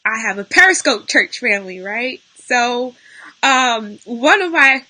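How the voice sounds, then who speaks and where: A young woman on a live stream, speaking unscripted and close to tears, her voice going hoarse as she talks through grief and greets her viewers. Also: a little high, expressive, unhurried, pushed and bright, low-quality recording. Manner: tearful, talking through grief, greets viewers mid-sentence. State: losing her voice, near tears. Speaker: livestream host. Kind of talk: unscripted emotional live talk.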